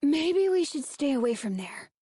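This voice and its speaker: A woman's voice: sits high, very animated, moderate pace, mellow, no room sound, voice pushed up. Danny, a woman playing an uneasy boy. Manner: uneasy, hesitant. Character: twelve-year-old boy, nervous and reluctant.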